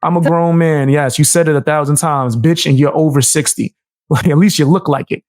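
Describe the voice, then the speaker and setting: A man's voice: fairly high pitch, steady tone, brisk, a little mellow, no echo, studio quality. A man streaming live, reacting to a video with profane, mocking commentary. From United States.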